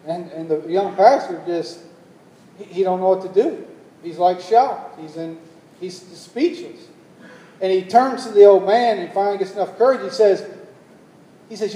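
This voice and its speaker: A man preaching a sermon as pastor, telling a story and building to loud, emphatic calls to the congregation. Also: high-pitched, normal speed, distant mic, a little hiss or hum. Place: church hall. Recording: echoey hall, long reverb.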